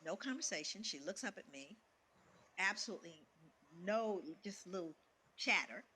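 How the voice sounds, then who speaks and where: Woman, middle-aged, storytelling, animated, acts out voices, bright tone. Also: mid-range voice, normal speed, a little hiss or hum. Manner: animated, acts out quoted voices, laughs between lines. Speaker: guest speaker sharing a personal story. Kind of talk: storytelling talk.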